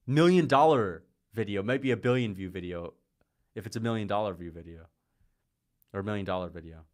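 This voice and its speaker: A man hosting a casual livestream, chatting and calling fights, rambling from topic to topic, laughing often and getting excited at big moments. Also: fairly low pitch, brisk. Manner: rambling, jumps between topics; laughs often mid-sentence. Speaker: livestream host.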